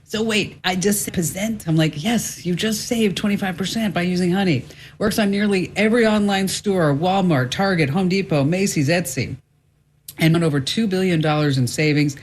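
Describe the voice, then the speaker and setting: A woman radio host reading an ad in a chatty, playful way and interviewing a guest. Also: low voice. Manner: chatty, playful, acts out little voices. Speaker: radio talk show host.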